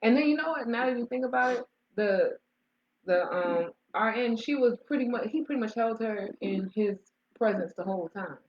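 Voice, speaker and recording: A woman's voice: a little high, expressive, moderate pace. A woman co-hosting a casual movie review, summarizing the plot in a chatty way with restarts. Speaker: co-host of a movie review show. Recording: dull lo-fi sound.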